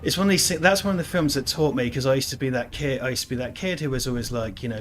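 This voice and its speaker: A man's voice: mid-range voice, racing, few pauses, a bit bright, slight background noise. A man in his thirties hosting a let's play, chatting casually and rambling, swearing and laughing as he plays. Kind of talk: casual gameplay chat.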